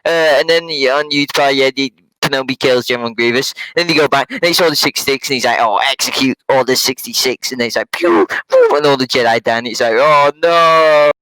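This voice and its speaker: Bright-voiced young man rambling through a recap. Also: mid-range voice, smooth, no room sound, poor audio. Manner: casual slangy, quick quoted voices, many fillers. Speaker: host. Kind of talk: rambling comedic movie recap.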